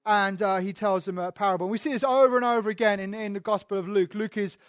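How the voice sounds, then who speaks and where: High-voiced man preaching a sermon. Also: fast, no room sound, clean studio sound. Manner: conversational teaching, addressing listeners directly.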